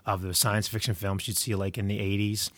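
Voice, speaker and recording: A man's voice: fairly low pitch, level tone, brisk, fairly bright tone, dry recording. A middle-aged man giving movie recommendations in a casual, rambling monologue full of digressions and stories. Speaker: movie reviewer.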